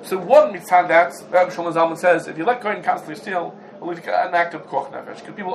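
Male Torah teacher, high pitch, animated lecture with rhetorical questions, faint room hiss. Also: fast talker, rough recording. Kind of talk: Talmudic lecture.

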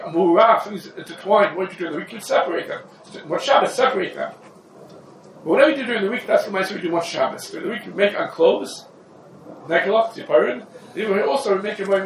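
A man giving an informal, conversational Torah lesson, moving between English and Yiddish and Hebrew terms. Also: high voice. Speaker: rabbi teaching a halacha class. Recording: roomy echo from a distant mic with faint background noise.

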